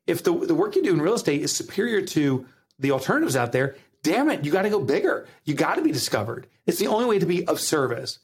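A man's voice: fairly high pitch, fast, slightly rough. Emphatic man with a Jersey accent. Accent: New Jersey. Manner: emphatic, animated, motivational. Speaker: guest author. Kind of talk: podcast interview.

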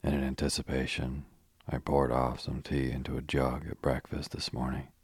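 Give me a man reading as a stern deep-voiced lady tourist, flat and dry. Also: moderate pace, husky, no echo, heavily acted. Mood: smug.

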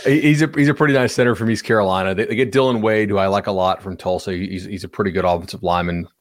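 Low-voiced casual sports podcast man. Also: fairly even intonation, rapid-fire, no echo, clean studio sound. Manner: loose, rambling, fillers and restarts. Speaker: podcast co-host.

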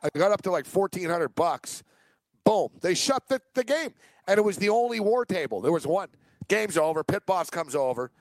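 Casual male podcast host, slightly high voice, dry close mic, rambling anecdotes, frequent laughter. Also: expressive, moderate pace, no room sound. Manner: rambling, laughs often, acts out quoted voices. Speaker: sports betting podcast host. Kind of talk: casual storytelling chat.

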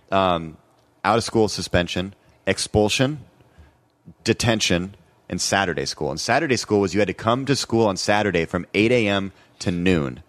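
A man's voice: low-pitched, moderate pace, fairly bright tone, dry recording. A man in his forties telling a long story in casual podcast chat, laughing often and swearing freely.

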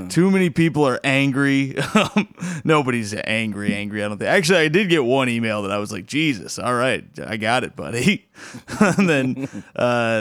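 A man hosting a comedy podcast in a relaxed, chatty way, chuckling often between thoughts. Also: mid-range voice, smooth, dry recording, studio quality. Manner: laid-back, chuckles often, restarts. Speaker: podcast host. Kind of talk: casual podcast chat.

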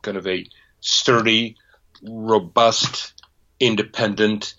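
A man, a historian guest, gives halting, thoughtful explanations. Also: lowish voice, fairly even intonation, pushed and bright, lo-fi sound. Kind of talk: interview answers.

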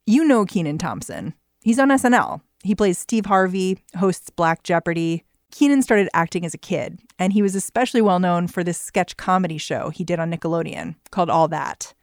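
A woman hosting a podcast, clear and measured in scripted narration and questions. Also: on the low side, expressive, no echo, clean studio sound. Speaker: podcast host.

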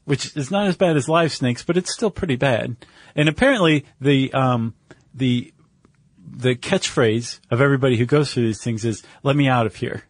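A man co-hosting a podcast in casual chat, relaxed with many filler words. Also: mid-range voice, normal speed, no echo. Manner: relaxed, lots of filler words, acts out quotes. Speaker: podcast co-host.

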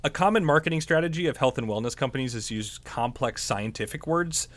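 Animated male podcast co-host. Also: mid-range voice, a little fast. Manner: animated, conversational, self-correcting. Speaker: podcast co-host, medical professional. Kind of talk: casual podcast chat.

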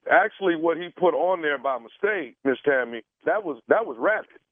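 A man's voice: on the high side, lively intonation, moderate pace, dry recording. A man making a prank phone call as a radio host, talking in a hesitant, rambling, apologetic way. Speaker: radio prank caller posing as caterer. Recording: tinny dry phone line.

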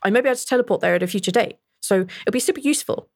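A woman's voice: a little high, expressive, rapid-fire. A woman playing a rambling female spellcaster. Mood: earnest. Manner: rambling, many fillers. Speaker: game master voicing a character.

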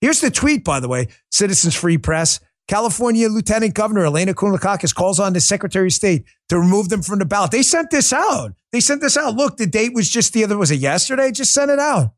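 A man's voice: high-pitched, animated, quick pace, hardly any pauses. A man hosting a livestreamed political commentary show, talking in a combative, sarcastic rant. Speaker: political talk show host.

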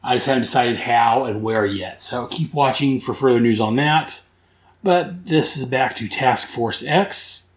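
A man's voice: mid-range voice, a little slow, echoey room. A man hosting a podcast, recapping comics casually in a rambling, enthusiastic way that corrects itself as he goes. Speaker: comic book podcast host.

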